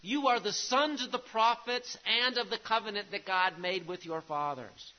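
Male preacher, higher than usual pitch, emphatic sermon delivery, muffled lo-fi recording. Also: moderate pace. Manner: emphatic preaching, repeats key phrases, drops to a hush on grave lines.

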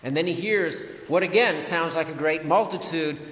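A man preaching a sermon slowly and emphatically, rising to loud declarations and dropping to quiet phrases. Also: fairly high pitch. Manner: slow, emphatic preaching with swings between loud and soft phrases. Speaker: pastor. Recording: dull, echoey hall recording.

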